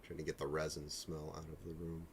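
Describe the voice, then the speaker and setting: A man's voice: very deep voice, completely flat delivery, brisk, a little hiss or hum. A man in his forties hosting a live stream, chatting casually and joking while painting miniatures in his home hobby room. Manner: rambling, joking, self-deprecating asides. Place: home hobby room with a printer and air purifier.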